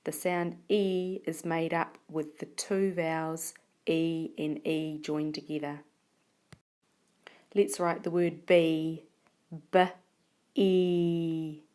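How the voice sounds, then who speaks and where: A woman teacher giving a phonics lesson, sounding out words slowly and carefully. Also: low voice, little pitch movement, darkish tone. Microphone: tablet recording.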